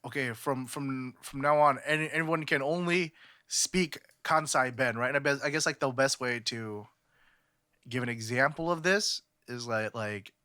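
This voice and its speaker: A man's voice: medium pitch, moderate pace, pushed and bright, no echo, clean studio sound. Rambling young man on a podcast. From California. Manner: rambling, many fillers and restarts. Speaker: podcast co-host. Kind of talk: casual podcast chat.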